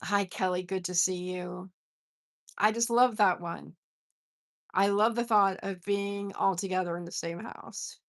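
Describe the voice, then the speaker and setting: A middle-aged woman with a gravelly, fry-edged voice hosts a poetry livestream. She reads poems aloud between chatty asides, greets viewers by name and laughs at herself. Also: medium pitch, fairly even intonation, a little slow.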